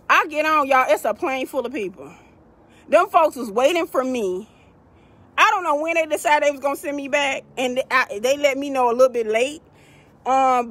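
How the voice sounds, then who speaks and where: Animated high-voiced woman vlogging. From United States. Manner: animated, addresses viewers as y'all, acts out quoted people. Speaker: vlogger telling a travel story. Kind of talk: casual storytelling to viewers.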